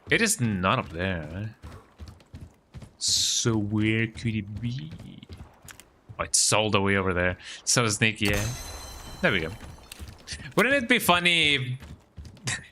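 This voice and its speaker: A man's voice: lowish voice, pushed and bright, a little hiss or hum. A Spanish-speaking man, chatting casually and playfully while streaming a game, tagging "eh?" onto his lines. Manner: rambling and playful, frequent tag "eh?", breaks into silly sing-song bits. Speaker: gaming streamer. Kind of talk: casual live-stream chat while playing.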